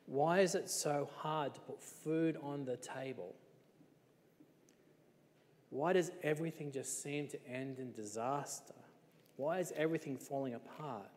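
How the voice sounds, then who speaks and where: A man preaching a sermon in a relaxed, conversational way, with many rhetorical questions. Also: on the high side, big-room sound.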